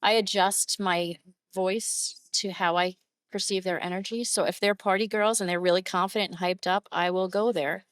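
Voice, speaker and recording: This mid-range female voice moves at normal speed with a clean tone and no room echo. She's a photographer being interviewed on a podcast, sharing stories warmly and emotively, and she brings her clients' quotes to life with animation.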